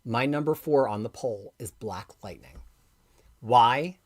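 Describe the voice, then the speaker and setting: A woman hosting a live comics stream, talking with passion and reading viewer comments aloud, going from quiet asides to loud, emphatic outbursts. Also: extremely low pitch, a little slow. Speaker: comics livestream host.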